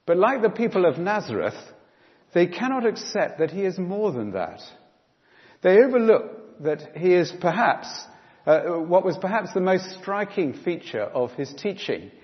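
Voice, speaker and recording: A man preaching a sermon in church, emphatic and animated, with frequent fillers. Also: high voice, normal speed. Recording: dull sound in a reverberant hall.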